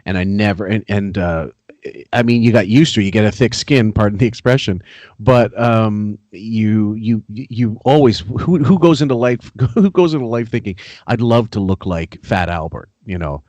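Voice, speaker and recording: A man's voice: lowish voice, normal speed, a little mellow, no room sound. A man co-hosting a podcast, ranting and mocking in casual, profane commentary. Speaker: podcast co-host.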